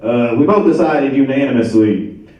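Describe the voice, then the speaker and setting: A man's voice: medium pitch, animated, normal speed. A man in his thirties from Ohio doing a rambling stand-up set, working up to exasperated rants. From Ohio, USA. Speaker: stand-up comedian. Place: comedy stage at a charity show, live audience. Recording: echoey, distant, dull room recording.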